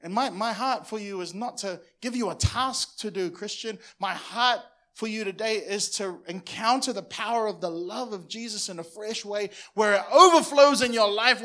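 A man's voice: sits high, a bit bright. A man preaching a passionate sermon as pastor on a church stage, often repeating words as he builds in intensity.

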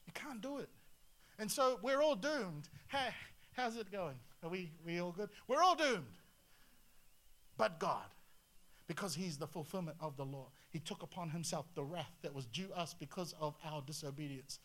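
A male pastor preaching a sermon in an animated way, full of rhetorical questions and swings between loud and quiet. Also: fairly high pitch, moderate pace.

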